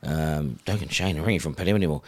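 A middle-aged New Zealand man, a broadcaster, telling stories in a casual, animated way and acting out phone calls. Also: a bass voice, quick pace. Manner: animated, acts out phone calls in character voices. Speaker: broadcaster guest. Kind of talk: casual storytelling.

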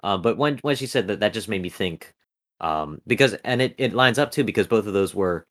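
A man's voice: fairly low pitch, lively intonation, fairly quick. A man co-hosting a podcast, reviewing a TV episode in a rambling casual chat full of fillers and restarts. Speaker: podcast co-host.

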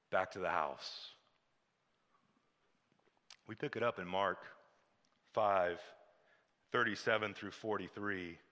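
A man's voice: mid-range voice, pushed and bright, in a large hall. A man preaching a sermon as pastor, repeating short declarations and building to fervent exhortation.

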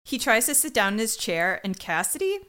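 A woman's voice: on the high side, very animated, brisk, pushed and bright. A woman co-hosting a podcast, recapping a crime show in casual chat, joking and putting on voices for the characters. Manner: jokey, does voices of characters. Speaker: podcast co-host.

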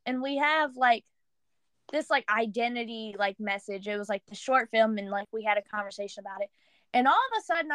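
A young woman co-hosting a podcast, telling a story in animated casual chat full of "like" fillers. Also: sits high, no room sound. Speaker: podcast co-host.

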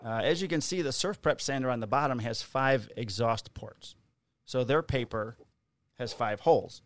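A man's voice: medium pitch, moderate pace, no room sound. A man co-hosting a casual podcast, rambling through stories, jokes and a sponsor read. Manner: joking, rambling storyteller. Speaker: podcast co-host. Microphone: studio podcast mic.

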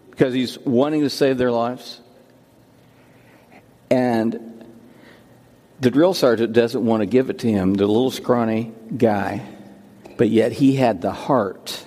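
A man's voice: medium pitch, a little mellow, long reverb tail. A man who is senior pastor, preaching a sermon and telling stories, often repeating his words and restarting phrases. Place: church sanctuary.

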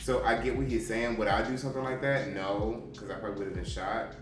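A man's voice: fairly low pitch, fairly even intonation, a little fast, over music. A man in a casual podcast chat, talking bluntly and profanely in long rambling turns. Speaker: podcast co-host. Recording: echoey room from far off.

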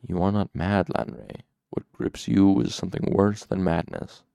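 A man's voice: deep voice, animated, a little slow, gravelly, clean tone, no echo, heavily acted. A man reading a grave, sorrowful old friend. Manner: quiet and grave. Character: troubled sorrowful male friend, old ally.

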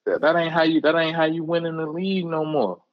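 A man's voice: on the high side, flat delivery, quick pace, no echo, highs cut off. A man co-hosting a casual sports chat, emphatic and slangy, often repeating himself for effect. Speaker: sports podcast co-host.

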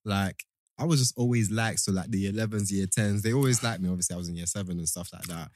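A man's voice: fast talker, dry recording, clean studio sound. A young man, telling stories in a casual podcast chat with friends. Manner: animated storyteller, jumps in pitch.

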